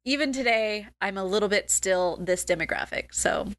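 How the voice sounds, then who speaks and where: A woman co-hosting a film podcast, talking in a relaxed and casual way with hesitant restarts. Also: mid-range voice, moderate pace, no room sound. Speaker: podcast co-host, film reviewer. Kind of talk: casual film review chat.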